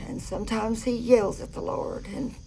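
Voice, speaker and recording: An actress playing an older mother, explaining her son in a soft, apologetic drawl. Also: fairly high pitch, steady tone, normal speed, gravelly, slight background noise, poor audio.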